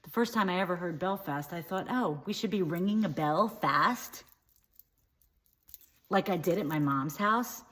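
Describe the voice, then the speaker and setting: A woman playing a naive, opinionated young woman in a comedic monologue, rambling chattily in a deadpan way. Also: lowish voice, measured pace. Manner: free-associating, chatty, deadpan.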